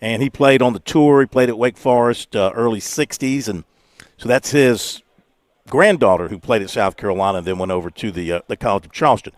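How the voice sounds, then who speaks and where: A man's voice: medium pitch, dry recording. A man hosting a radio sports talk show, chatting and reading tournament results. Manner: conversational, reads results with pauses.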